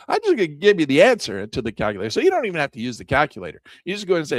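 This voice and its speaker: An animated man talks through his investing calculators, piling up repetitions and poking fun at himself. His pitch leaps high and drops low through each thought. The sound is dry and close, with no room around it. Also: racing, hardly any pauses, no echo. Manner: animated, repetitive, self-mocking asides. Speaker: finance educator. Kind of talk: casual screen-share tutorial.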